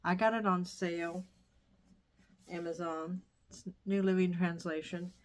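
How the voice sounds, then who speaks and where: A woman's voice: lowish voice, level tone, measured pace. Chatty, digressive middle-aged woman vlogger. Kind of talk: casual chat. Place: dining room used as sewing room.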